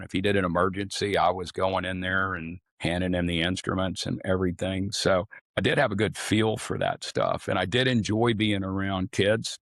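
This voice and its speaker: A man's voice: deep voice, creaky, no echo, clean studio sound. Older man telling folksy stories. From Arkansas. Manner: folksy, rambling anecdotes with casual swearing. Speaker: guest, former swim coach. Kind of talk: storytelling in a podcast interview.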